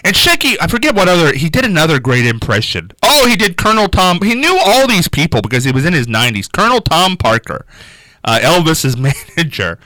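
Animated man telling a funny story. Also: fairly high pitch, brisk, no echo, rough recording. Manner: animated, laughs through his stories. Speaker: radio show host. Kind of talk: casual storytelling chat.

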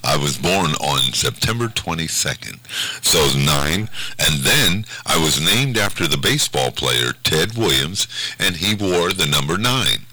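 A man's voice: extremely low pitch, sing-song, a little slow, bright, forceful tone, dry recording, low-quality recording. A man co-hosting a morning radio show, bantering playfully and laughing often. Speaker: radio show co-host in an eating challenge. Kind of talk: casual on-air banter.

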